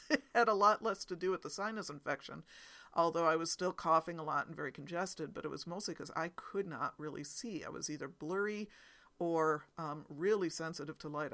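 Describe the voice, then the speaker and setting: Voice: medium pitch, pushed and bright. A podcast host, still congested after an illness, chatting casually and rambling with frequent ums. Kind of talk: casual solo podcast chat.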